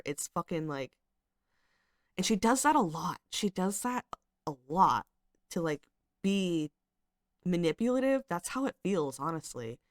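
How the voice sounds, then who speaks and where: Young woman, kinda low voice, chatty exasperated commentary, dry close mic. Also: big pitch swings, measured pace, no room sound. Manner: chatty and exasperated, with frequent filler words and laughs. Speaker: commentary channel host. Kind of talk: casual commentary reading screenshots aloud.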